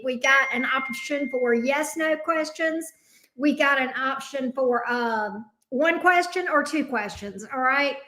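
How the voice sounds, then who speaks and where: A woman's voice: high voice, fairly bright tone. A woman with a Southern US accent hosting a tarot live stream, chatting casually and upbeat, greeting viewers by name.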